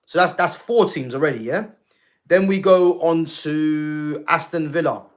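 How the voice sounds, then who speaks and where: A man's voice: fairly high pitch, unhurried. Chatty man. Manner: conversational, frequent fillers and asides to viewers. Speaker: football channel host. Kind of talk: casual football talk livestream.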